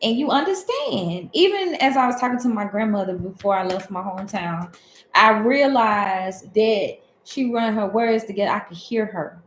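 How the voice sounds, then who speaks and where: A woman from Alabama talks with a Southern accent, wandering from point to point in a relaxed spiritual chat. Her voice sits at an ordinary middle pitch. The room has a clear echo, with faint noise behind her. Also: moderate pace. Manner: rambling, conversational, digressive. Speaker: tarot and spiritual host. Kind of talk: casual spiritual talk.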